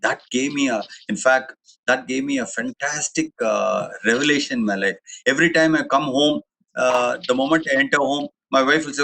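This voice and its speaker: A middle-aged man with an Indian English accent gives a chatty, digressive webinar talk full of anecdotes, restarts, and fillers. His mid-range voice moves at a moderate pace, with vocal fry and a sharp tone. The recording is rough.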